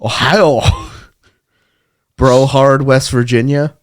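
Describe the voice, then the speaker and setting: A man co-hosting a podcast in casual chat, laid-back and quick to laugh along. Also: fairly low pitch, clear, resonant tone, dry recording, clean studio sound. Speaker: podcast co-host.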